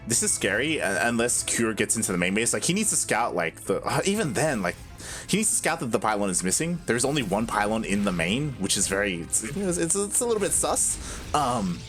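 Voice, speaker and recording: A man with a lowish voice calls a live video game match as a relaxed, chatty caster. He leans on fillers like "like" and "um" and laughs easily, with faint music underneath. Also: fairly quick. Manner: casual, chatty, filler-heavy with frequent laughs. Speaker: esports caster.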